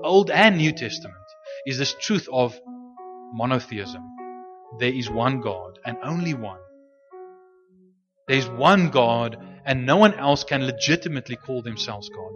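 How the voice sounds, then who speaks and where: A man preaching a sermon in a loose, unscripted teaching style, often restarting and repeating words, and slowing down to stress scripture when he reads it aloud. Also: medium pitch, muffled recording.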